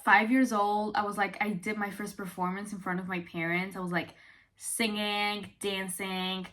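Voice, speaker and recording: Young female vlogger, from Italy, expressive chatter, bright tense tone. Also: mid-range voice, moderate pace. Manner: expressive, chatty, many fillers. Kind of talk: casual chat to camera.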